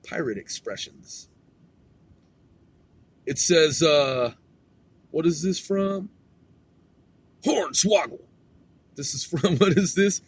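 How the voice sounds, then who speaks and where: A man's voice: a little high, lively intonation, slow, pauses often, slightly rough, no room sound. A man hosting a podcast in a casual, rambling monologue, laid-back and profane, chuckling often. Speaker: podcast host.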